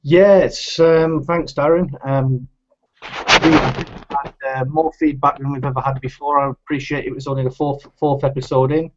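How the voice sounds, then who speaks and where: A man from the United Kingdom co-hosting an interview show, measured and reflective, with some fillers. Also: medium pitch, flat delivery, a little hiss or hum. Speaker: co-host. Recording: dull lo-fi audio.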